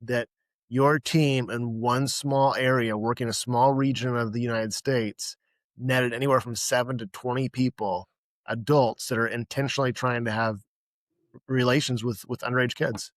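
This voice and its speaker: A man's voice: medium pitch, steady tone, moderate pace, dry recording. A man hosting a podcast, asking his guest earnest follow-up questions in a casual way. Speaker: podcast host.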